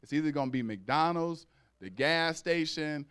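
Male pastor, slightly high, clear voice; conversational sermon with call-outs and acted-out voices. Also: expressive, normal speed, fairly bright tone. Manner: acts out dialogue in raised voices.

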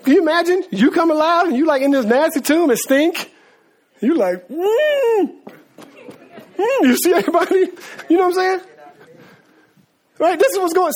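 A preacher delivering a sermon in casual, slangy talk, repeating words and laughing as asides. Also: high-pitched.

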